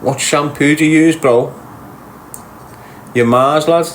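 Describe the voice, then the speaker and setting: Scouse bloke on a livestream, slow cheeky banter, bit of hiss behind. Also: male voice, on the high side, fairly even intonation. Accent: Liverpool. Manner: teasing, crude, slangy. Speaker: livestream host. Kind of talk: casual banter reading chat comments.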